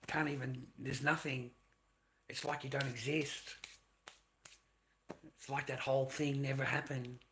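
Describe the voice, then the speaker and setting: A man's voice: mid-range voice, fairly bright tone. A man hosting his own livestream, rambling and swearing as he vents his frustrations in an unscripted rant. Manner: rambling, profane, venting frustration. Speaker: livestream host.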